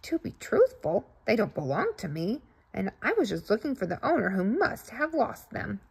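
A woman's voice: medium pitch, very animated, moderate pace, creaky, husky, exaggerated voice. A woman doing a chatty, honest goose lady. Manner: talkative, prim.

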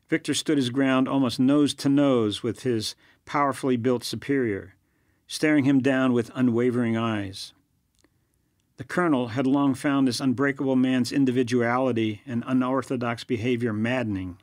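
A man reading a thriller novel aloud in a measured, plain scripted narration. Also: mid-range voice, steady tone, no room sound, clean studio sound. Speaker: audiobook narrator.

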